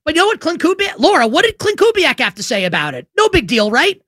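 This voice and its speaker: A man's voice: very high voice, sing-song, fast talker, a bit bright, no echo, clean studio sound. A man hosting a sports radio show, ranting emphatically and sarcastically, throwing out rhetorical questions. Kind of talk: opinionated sports talk radio monologue.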